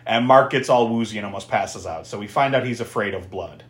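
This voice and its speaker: A man co-hosting a podcast, recapping a horror movie in a casual, animated way and laughing often. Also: brisk, echoey room. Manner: animated, laughing, swearing recap with big pitch jumps. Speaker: podcast co-host.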